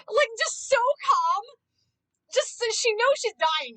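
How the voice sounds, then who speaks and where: A woman's voice: very high voice, slow, dry recording, rough recording. A woman streamer chatting casually and passionately, ranting with lots of swearing and "like". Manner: excitable, swears a lot, heavy use of "like". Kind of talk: casual live-stream chat.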